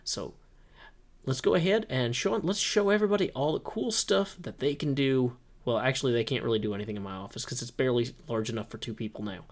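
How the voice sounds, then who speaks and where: A man's voice: mid-range voice, fast. A man hosting his own video, rambling casually over Minecraft gameplay with self-deprecating jokes. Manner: excited, upbeat office tour. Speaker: host.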